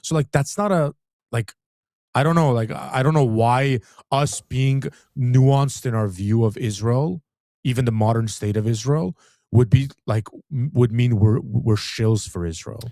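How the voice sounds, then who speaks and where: A man co-hosts a casual live commentary stream, talking fast and loose, full of restarts and filler words. His voice is dark and mellow. The sound is close and dry. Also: medium pitch, dry recording. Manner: rambling, many restarts and filler "like". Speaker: co-host.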